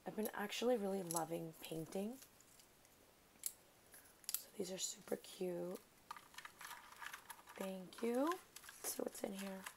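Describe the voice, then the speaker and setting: A woman talks through a craft unboxing at her desk, excited and effusive, full of thank-yous. Her voice has a gravelly fry to it, and she speaks at an unhurried, drawn-out pace. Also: mid-range voice, noisy background. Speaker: craft vlogger. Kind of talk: casual unboxing chat.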